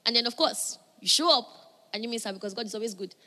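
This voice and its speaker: A woman preaching a sermon, moving between loud emphatic calls and soft, hushed passages. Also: a little high, quick pace.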